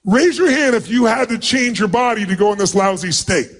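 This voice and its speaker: Middle-aged guy firing up a giant crowd at a seminar, loud bossy instructions, voice sits high-ish. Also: animated, fairly quick. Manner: commanding, emphatic, often shouting instructions to the audience. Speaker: motivational speaker. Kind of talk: live seminar address to a large crowd. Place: large event hall with thousands of people.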